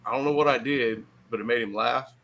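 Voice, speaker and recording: A middle-aged man from Michigan spins a story in a casual podcast chat. He swears freely and breaks into big laughs along the way. His voice sits at an ordinary middle pitch. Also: a little fast, fairly bright tone, slight background noise, low-quality recording. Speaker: podcast guest.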